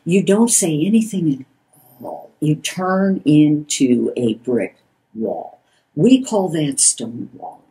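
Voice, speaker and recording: Older woman therapist, slow, lively pitch, acts out quotes. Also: rough recording. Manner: measured, acts out quoted lines. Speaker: couples therapist. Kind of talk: explanatory talk.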